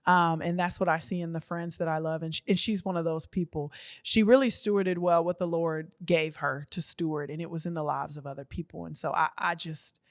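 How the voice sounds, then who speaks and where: Texas woman, 30s, author guest, earnest churchy chat, lowish voice, dry sound. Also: fairly even intonation, fairly quick, no echo. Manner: earnest, faith-filled, talks in long flowing stretches with fillers. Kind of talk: casual interview talk.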